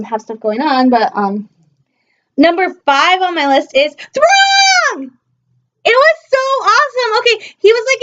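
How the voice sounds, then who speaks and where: A young woman from Michigan rambles excitedly through a casual fan review. She fills her talk with hesitations and breaks into happy squeals. Her voice sits high, and the audio is dull and lo-fi. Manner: excitable, gushing, many fillers, bursts into squeals. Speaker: fan vlogger.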